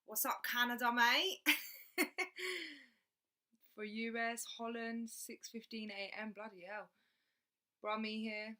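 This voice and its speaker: A chatty woman hosts a casual livestream, greeting viewers by name and tossing in "mate" and "like." Her voice is bright and sits a little high. She laughs often as she talks. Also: steady tone, slow pace, pauses often, smooth. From England. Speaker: livestream host.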